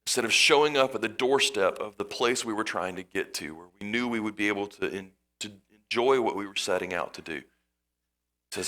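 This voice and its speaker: Man, pastor, sermon, bright tense voice, animated storytelling. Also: fairly low pitch, moderate pace.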